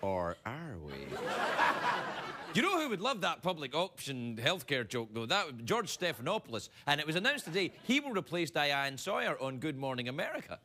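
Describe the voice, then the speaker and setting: A man's voice: on the high side, sing-song, fairly quick, few pauses. A man hosting a late-night show, delivering a playful, self-mocking comedy monologue in a TV studio. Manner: playful, self-mocking, with sudden put-on voices. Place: TV studio with live audience. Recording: studio audience laughter and noise.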